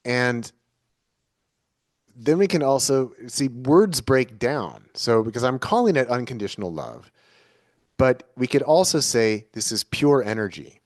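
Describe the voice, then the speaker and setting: A man's voice: medium pitch, big pitch swings, a little slow, no echo, clean studio sound. A man speaking as an interview guest, talking in an earnest, searching way and restating his ideas in several forms. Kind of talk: reflective conversational interview.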